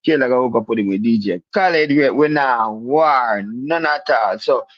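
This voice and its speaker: A man's voice: mid-range voice, moderate pace, no room sound. A man with a Jamaican accent in a casual debate, insistent and repeating words to hold the floor, on dull, dry, lo-fi audio. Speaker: panelist.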